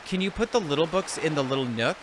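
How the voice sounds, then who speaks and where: A man hosting a let's play, chatting casually and joking with friends while solving a puzzle, in an animated, exasperated manner. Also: a little high, fast talker, a little hiss or hum. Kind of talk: casual gaming chat with friends. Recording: loud game music behind voice. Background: loud game music.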